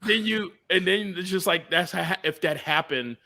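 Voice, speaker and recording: A young man hosts a casual chat. His voice is bright and a little high. He tells his stories with energy, swears freely and laughs often. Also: moderate pace, vocal fry. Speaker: podcast host.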